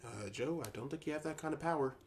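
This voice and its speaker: A woman's voice: low voice, fast talker, a little mellow. A woman co-hosting a podcast, adding wry, jokey quips to a casual episode recap. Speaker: podcast co-host.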